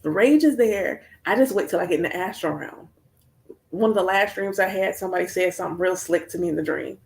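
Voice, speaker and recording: An American woman hosting a casual livestream chat, talking in an animated, storytelling way with playful asides. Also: fairly low pitch, brisk, vocal fry. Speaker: spiritual practitioner hosting a livestream.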